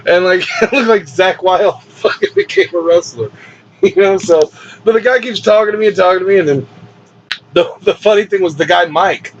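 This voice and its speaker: A man who hosts a podcast and also wrestles professionally tells a story casually, laughing often and swearing freely. His voice sits high and moves at a normal speed, captured on a dull lo-fi recording with faint hiss.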